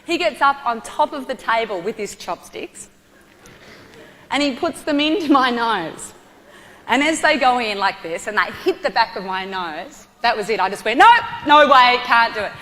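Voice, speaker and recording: A woman with an Australian accent telling a personal story to an audience, animated and vivid. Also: fairly high pitch, moderate pace. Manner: lively, animated storytelling with acted-out quotes. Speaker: motivational speaker. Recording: long hall reverb.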